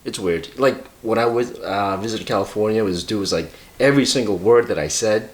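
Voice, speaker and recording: A man's voice: fairly low pitch, fairly quick. A man with a Boston accent, co-hosting a podcast and telling stories in a rambling, hesitant way with many fillers. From Massachusetts. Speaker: podcast co-host. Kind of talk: casual chat.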